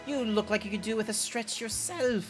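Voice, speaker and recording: A man's voice: high-pitched, music in the background, pitched above the performer's own voice, natural voice. A man voicing a fussy, genteel male game character in a put-on posh British nanny voice. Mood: prim, genteel. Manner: plummy, drawn-out, overly polite delivery.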